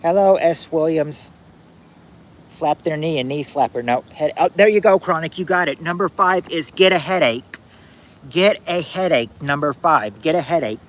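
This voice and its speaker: A man hosting a casual trivia game on a livestream, reading viewers' answers aloud in a halting, repetitive way, outdoors at night on a phone. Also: a little high, poor audio. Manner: halting and repetitive, restarting phrases, drawling out answers.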